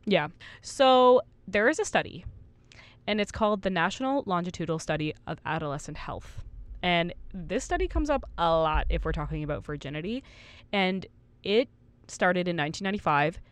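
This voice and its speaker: A woman's voice: fairly low pitch, expressive, moderate pace, clean tone, dry recording. A woman in her twenties co-hosting a casual podcast, reading study findings aloud and laughing at her own slips. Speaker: podcast co-host.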